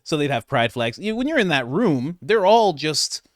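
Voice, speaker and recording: A man hosting casual political commentary, reacting to a clip with sarcasm and mockery, now and then dropping to a quiet mutter. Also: big pitch swings, normal speed, no room sound, clean studio sound. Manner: sarcastic and mocking, mimics others in exaggerated voices, laughs often; drops to a low, quiet mutter for asides. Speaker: commentary channel host.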